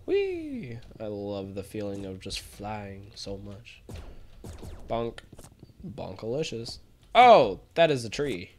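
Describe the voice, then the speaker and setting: A woman's voice: extremely low pitch, wildly swooping pitch, slow pace, a little mellow. A woman giving casual, goofy, self-mocking commentary while playing a game. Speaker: gaming video creator. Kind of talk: casual let's-play commentary. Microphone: headphones.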